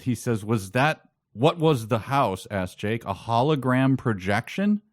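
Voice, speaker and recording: A man co-hosting a casual book-discussion podcast, delivering wry, sarcastic comments in a dry, deadpan way. His pitch is medium for a man, and the sound is close and dry with no room echo. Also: a little slow. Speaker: podcast co-host.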